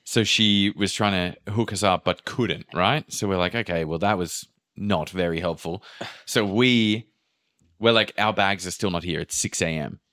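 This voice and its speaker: Low-voiced man telling a travel story. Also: normal speed. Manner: animated, acts out quotes, swears casually. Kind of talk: casual storytelling chat.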